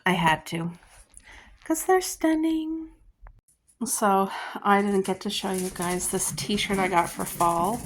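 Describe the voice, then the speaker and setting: A woman's voice: mid-range voice, little pitch movement, a little slow, few pauses, fairly bright tone, slight background noise. A woman vlogger chatting casually to the camera, gushing and enthusiastic about her finds and her garden. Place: garden outdoors.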